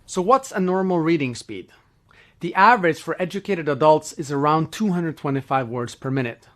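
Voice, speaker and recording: Speaking at a normal speed, a man with a fairly high voice for his gender narrates an educational lesson. The script is explanatory, and his delivery stays level and informative.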